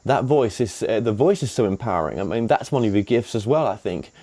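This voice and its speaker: An English man hosts an interview, rambling a bit with many restarts and fillers. His voice is fairly low, warm, and brisk, with lively intonation.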